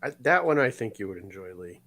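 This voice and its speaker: A man's voice: fairly low pitch, very animated, fairly quick, bright, forceful tone. A man co-hosting a podcast, telling a story in casual chat and acting out the quotes. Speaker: podcast co-host.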